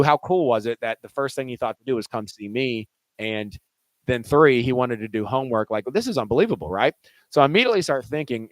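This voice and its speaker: A man's voice: mid-range voice, no echo, low-quality recording. A male teacher telling a classroom story in a casual, conversational way, full of "you know" and restarts.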